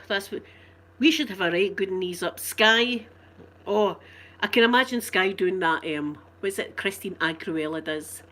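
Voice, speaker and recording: A woman with a broad Glasgow accent chats casually with her live-stream viewers. She rambles from point to point and breaks into laughter often, at an ordinary pitch for a woman. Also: fairly bright tone. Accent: Scottish, Glasgow.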